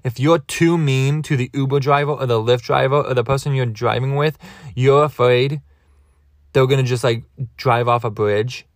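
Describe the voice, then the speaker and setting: A man's voice: mid-range voice, steady tone, normal speed, no echo. Podcast guy rambling through a funny story, keeps going off track, dry sound. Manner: rambling, digressive, self-mocking. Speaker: podcast host. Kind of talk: comedic storytelling monologue.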